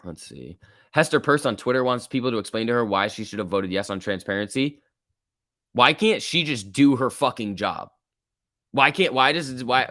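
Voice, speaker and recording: A man's voice: fairly low pitch, bright, forceful tone, no room sound, clean studio sound. A man hosting a casual stock-market livestream, reading viewer comments and ranting bluntly with frequent filler words.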